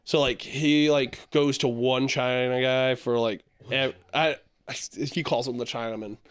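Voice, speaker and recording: A man's voice: medium pitch, steady tone, a little slow, clear, resonant tone, no echo. A young man chatting casually on a podcast, rambling and filling his talk with "like" and easy laughter. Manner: rambling, heavy use of "like", laughs easily. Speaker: podcast co-host. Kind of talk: casual chat.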